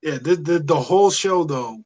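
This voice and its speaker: A man's voice: a little high, expressive, normal speed, darkish tone, muffled recording. A man co-hosting a casual podcast, enthusiastic and rambling, with frequent hesitations. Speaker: podcast co-host.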